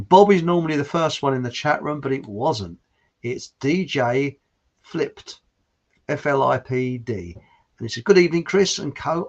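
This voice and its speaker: A man hosting a live stream in a fairly high voice, rambling through viewer comments in easygoing chat. He restarts his sentences and chuckles along the way. The sound is dull and lo-fi. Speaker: livestream show host.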